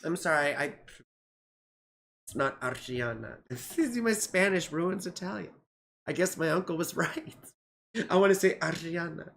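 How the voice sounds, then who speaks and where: Fairly low and creaky, this woman's voice moves at a moderate pace with frequent pauses over slight background noise. She's a goofy American astrologer in her forties, rambling through live chart readings on a livestream, swearing freely while tired, yawning, and somewhat out of it.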